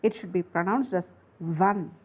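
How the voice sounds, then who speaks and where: Woman teaching grammar, talks real slow and repeats stuff, sounds like it's over a phone line. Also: mid-range voice, animated. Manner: slow, repetitive, spelling out letters. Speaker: English teacher. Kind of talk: explaining grammar on a board.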